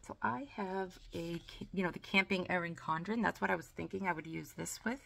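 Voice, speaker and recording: A woman's voice: lowish voice, a little fast, gravelly, a bit bright. A woman chatting casually through a sticker haul unboxing, gushing and talkative, with frequent "like" and "oh". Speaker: planner and sticker vlogger.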